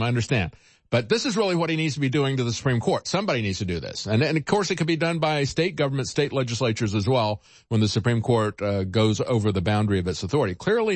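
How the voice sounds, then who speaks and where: A man's voice: medium pitch, no echo. A man hosting a political talk radio show, emphatic and scornful, with frequent fillers.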